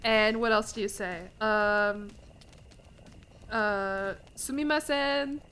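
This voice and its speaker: A woman's voice: drawn-out words, a little hiss or hum, poor audio. A young adult woman streaming a game, chatting casually with playful, self-mocking jokes and bursts of laughter. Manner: bursts of animated laughter and pitch jumps. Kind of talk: casual livestream chat while playing a game.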